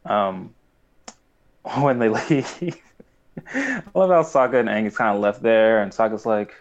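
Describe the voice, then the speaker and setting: A man's voice: on the low side, expressive, slow, long pauses, muffled recording. A young man chatting casually as a podcast co-host, rambling and acting out quoted lines. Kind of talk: casual chat recapping a cartoon.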